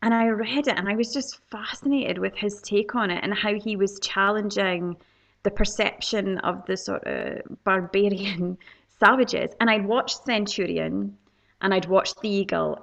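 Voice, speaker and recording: A Scottish woman speaking as a podcast guest, enthusiastic and rambling, with plenty of fillers. Her middle-pitched voice has a gravelly, fry-tinged texture. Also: fairly bright tone. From Scotland. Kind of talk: podcast interview.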